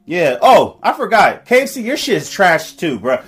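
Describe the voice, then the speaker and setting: A man, ranting loudly and profanely as a podcast co-host in casual chat. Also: high-pitched, moderate pace. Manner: loud profane ranting, animated.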